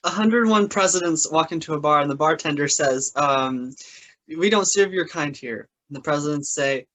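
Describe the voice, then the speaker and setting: A teenage boy telling improv one-liners in a plain, slightly halting way. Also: on the high side, a bit bright, rough recording. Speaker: high school improv performer.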